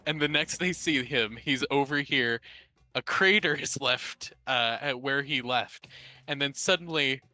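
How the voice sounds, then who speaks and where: A man narrating a tabletop game as game master, halting and often restarting his sentences. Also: mid-range voice, bright, forceful tone, no echo.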